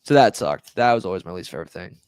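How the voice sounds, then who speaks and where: A man co-hosting a casual sports podcast, telling halting anecdotes with frequent laughs. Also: low voice, expressive, darkish tone, clean tone, no room sound. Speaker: podcast co-host.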